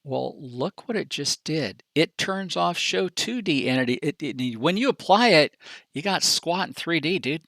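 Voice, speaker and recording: A man giving a casual software training presentation in a folksy, chatty, animated way, with slangy asides. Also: fairly high pitch, measured pace, dry recording.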